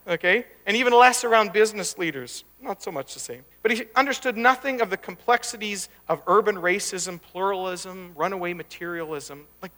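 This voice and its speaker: High, bright-voiced preacher in a reverberant church. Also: male voice. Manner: conversational, anecdotal, folksy asides. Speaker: pastor. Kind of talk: sermon. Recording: long church hall reverb.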